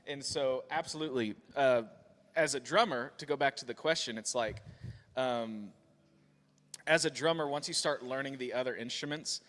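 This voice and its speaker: A man's voice: mid-range voice, moderate pace, a bit bright, in a large hall. A man who plays drums, answering a question earnestly in casual chat with fillers. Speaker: drummer and music teacher. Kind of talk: casual live-stream answer.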